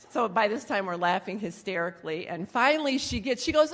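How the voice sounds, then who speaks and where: A woman's voice: mid-range voice, expressive, fairly quick, hardly any pauses, a bit bright, big-room sound. A middle-aged woman telling family stories with a sarcastic, teasing manner. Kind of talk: humorous storytelling to an audience.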